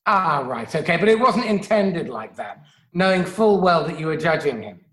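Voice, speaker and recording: A fast-talking coach lays out techniques in an instructive way, often pausing to check "yeah?". The voice sits at a middle pitch. The recording has a roomy, echoing sound. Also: big pitch swings, fairly bright tone. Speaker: sales and communication coach. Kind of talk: explanatory coaching talk on a radio show.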